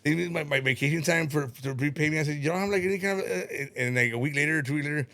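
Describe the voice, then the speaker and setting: A man's voice: fairly high pitch, racing, creaky, pushed and bright. A middle-aged man telling stories in casual podcast chat, repeating words, swearing and laughing as he rambles. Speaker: podcast guest.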